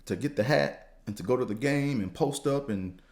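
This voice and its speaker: A man hosting a podcast, talking in a casual, slangy, profane monologue that rambles and jumps higher when he gets fired up. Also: moderate pace, a little mellow. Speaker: podcast host.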